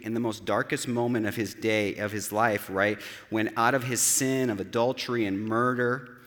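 Male pastor, earnest conversational sermon delivery, ordinary middle pitch, long hall reverb. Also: a bit bright. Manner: earnest, conversational preaching with rhetorical asides.

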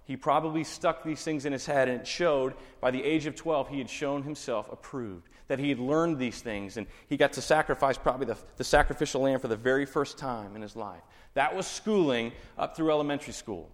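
Texan man, pastor, preaching in a relaxed teaching tone, long hall reverb. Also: medium pitch, brisk. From Texas. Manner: conversational teaching with rhetorical questions. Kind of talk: sermon.

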